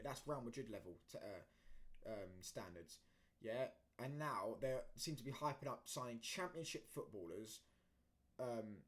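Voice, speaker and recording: A man, hosting a football talk show and ranting casually, with plenty of fillers, restarts and heated outbursts. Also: medium pitch. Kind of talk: casual opinion rant.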